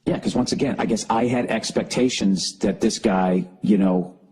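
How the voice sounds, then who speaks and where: A man's voice: on the low side, fairly even intonation, normal speed, a little mellow, breathy edge. A man hosting a solo comedy podcast, ranting in an exasperated, profane way. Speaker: podcast host.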